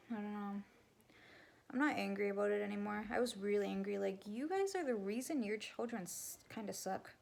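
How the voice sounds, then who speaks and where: Young woman, gravelly, raw confessional vlog, blunt and sweary, slips into whispers. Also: medium pitch, a little mellow. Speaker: vlogger and spiritual coach. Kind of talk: candid confessional talk to camera.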